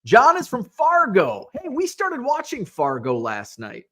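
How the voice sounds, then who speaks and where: A man's voice: very high-pitched, wildly swooping pitch, unhurried, pushed and bright. A man from Illinois hosting a podcast, chatting casually and rambling with lots of fillers and asides. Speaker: podcast host. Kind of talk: casual live-show chat, reading viewer comments.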